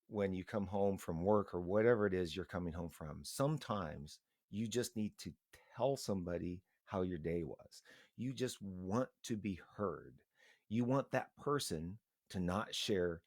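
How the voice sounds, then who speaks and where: A middle-aged man talking into a live stream in a casual, earnest, halting way, rambling and restarting his sentences. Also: on the low side, darkish tone, no echo, studio quality.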